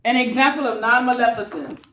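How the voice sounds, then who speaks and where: A woman's voice: fairly high pitch, fairly quick. A woman teaching a nursing class, lecturing and teasing her students in a playful way. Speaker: nursing instructor. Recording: echoey classroom from far off, faint noise.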